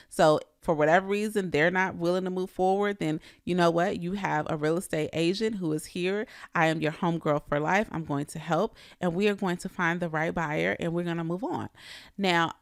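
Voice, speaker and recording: A woman's voice: low-pitched, dry recording, clean studio sound. A woman real estate coach, talking straight to her listeners and asking them pointed questions. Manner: direct, conversational, asks the listener questions. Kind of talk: coaching talk to agents.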